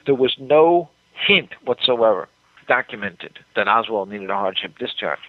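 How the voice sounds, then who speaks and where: A man's voice: lowish voice, lively intonation, unhurried, no room sound. An older man telling a story with emphasis as a guest in a radio interview, often repeating words as he goes. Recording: dry tinny phone line.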